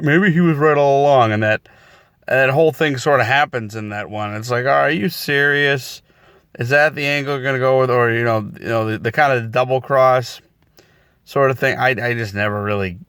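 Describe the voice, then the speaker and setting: A man's voice: fairly bright tone, dry recording, clean studio sound. A man casually talking through his thoughts on a movie series, rambling with many fillers and restarts. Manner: acts out quoted lines in a higher voice. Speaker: movie reviewer. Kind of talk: casual spoken review.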